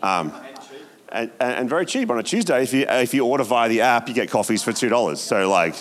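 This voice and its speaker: A man, preaching as a pastor, telling a story in a hushed voice that builds to emphatic exhortation. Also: mid-range voice, animated, quick pace. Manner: storytelling, hushed at times, then rising and emphatic. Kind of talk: sermon.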